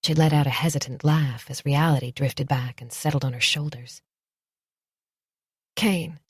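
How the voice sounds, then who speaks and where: A woman narrating a romance audiobook in a soft, intimate, measured reading. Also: extremely low pitch, fairly even intonation, slightly rough, no room sound, studio quality.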